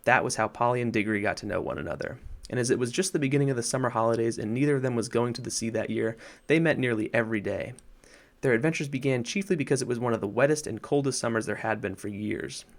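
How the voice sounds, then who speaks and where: A man narrating a storybook chapter in a measured, gently wry way. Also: medium pitch.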